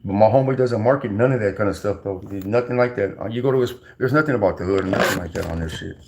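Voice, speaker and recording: A man's voice: fairly low pitch, racing, vocal fry, a little hiss or hum. A man, telling stories in a slangy, rambling way, full of restarts and fillers. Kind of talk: casual storytelling.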